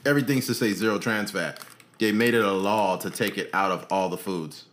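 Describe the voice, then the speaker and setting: A man's voice: fairly low pitch, fairly quick, a bit bright, slight background noise. A man co-hosting a casual podcast, talking in a laid-back, easygoing way, swearing casually and laughing often. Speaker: podcast co-host. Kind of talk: casual chat.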